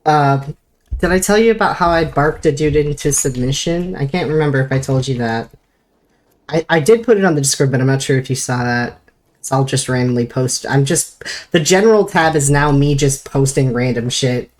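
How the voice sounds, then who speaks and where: A young woman streamer telling a work story in casual chat, animated, swearing casually and breaking into laughter. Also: a bass voice, normal speed.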